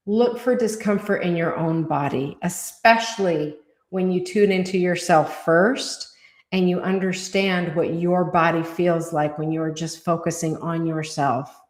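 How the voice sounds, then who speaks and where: A woman co-hosting a podcast, channeling spirit guidance in a calm, measured, deliberate way. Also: fairly low pitch, roomy sound.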